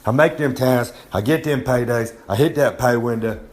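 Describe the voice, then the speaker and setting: For his recurring podcast bit, a wrestler delivers a cocky third-person promo from home, hungover and aching, with his phone held close. He speaks at medium pitch and a moderate pace.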